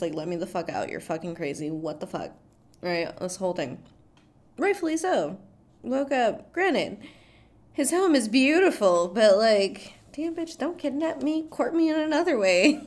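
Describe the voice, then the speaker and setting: Woman film-recap vlogger, mid-pitched, casual and swearing, quick to laugh. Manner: chatty, profane, laughs often, animated reactions.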